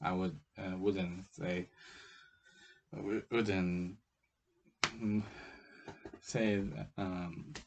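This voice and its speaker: A man with a Chinese accent teaching, speaking haltingly with frequent hesitations and restarts. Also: low-pitched, flat delivery, lo-fi sound, noisy background. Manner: hesitant, many fillers and restarts. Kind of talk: explaining with slow, halting delivery.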